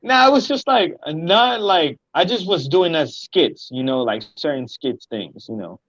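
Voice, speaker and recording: A young man from Houston, a guest rapper chatting casually, halting and full of fillers. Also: a little high, animated, fairly bright tone, no echo. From Houston, Texas. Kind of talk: casual interview chat. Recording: dry, slightly muffled audio.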